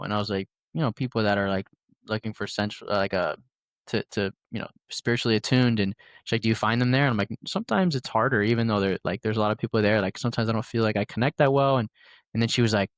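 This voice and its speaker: Young male podcast host, rambling storyteller, lowish voice, dry close sound. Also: steady tone, quick pace, dry recording. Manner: rambling storytelling with many fillers. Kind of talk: casual conversation.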